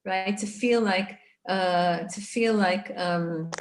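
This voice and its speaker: Lady giving a live torah class online, lively, chatty listeners, middle-aged. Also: lowish voice, slow. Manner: animated, speaks to listeners directly. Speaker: Torah teacher.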